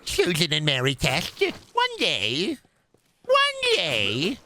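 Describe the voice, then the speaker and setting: A man putting on a silly, high cartoonish villain voice, taunting a boy in an exaggerated sing-song way. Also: wildly swooping pitch, slow pace, sharp tone, slight background noise, full character voice.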